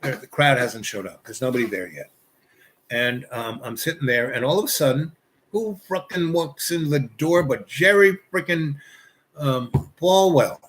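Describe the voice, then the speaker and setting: A man spins a long personal yarn in an easy, spoken way, mid-range in pitch. He wanders from thought to thought, leaning on fillers and starting sentences over as he goes. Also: a little slow, a bit bright, slight background noise. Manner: rambling, full of "you know" fillers and restarts. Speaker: storyteller. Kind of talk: casual spoken anecdote.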